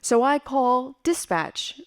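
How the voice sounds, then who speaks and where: A woman from West Berlin performing a personal story live, in an animated, vivid and playful way. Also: sits high, slow. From West Berlin, Germany.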